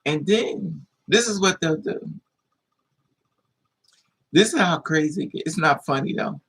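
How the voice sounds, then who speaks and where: A man telling a story in a casual monologue, animated and acting out voices with high-pitched squeals. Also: measured pace, creaky, breathy edge, poor audio. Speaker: live streamer.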